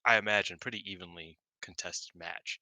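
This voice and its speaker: Male podcast co-host, animated rambler, very bright timbre, dry close mic. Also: deep voice, normal speed, no room sound. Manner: excitable, swears, long-winded, laughs often. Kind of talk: casual wrestling review chat.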